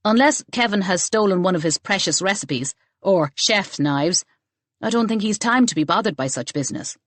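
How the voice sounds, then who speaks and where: A woman reading the lines of a calm, matter-of-fact man in an audiobook. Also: medium pitch, moderate pace, dry recording, lightly acted.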